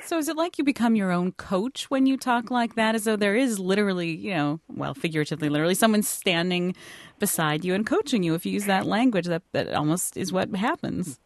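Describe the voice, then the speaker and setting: A woman's voice: medium pitch, animated, fairly quick, no echo, clean studio sound. A woman co-hosting a radio interview, curious and thinking aloud as she asks questions. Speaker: radio co-host.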